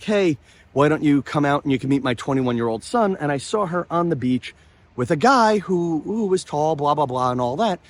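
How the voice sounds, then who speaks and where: A man hosting his vlog outdoors near the ocean, telling a story in a rambling, excitable way full of restarts and asides. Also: fairly high pitch, slight background noise. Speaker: comedian and vlog host.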